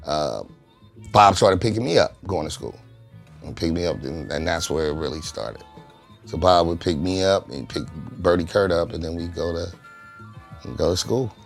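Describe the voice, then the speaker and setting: A very deep-voiced man speaks in a relaxed, casual interview, recounting stories with loose, profane street talk. He livens up whenever he quotes friends. Soft music plays faintly underneath. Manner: laid-back, profane, lively when quoting friends. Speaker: studio co-founder recalling its origins.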